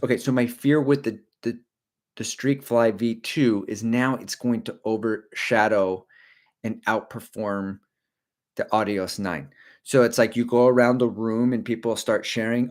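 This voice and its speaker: A man's voice: medium pitch, flat delivery, normal speed. A middle-aged man hosting a casual running livestream, rambling and jokey as he talks to his viewers. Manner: slips briefly into silly character voices. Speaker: running channel host.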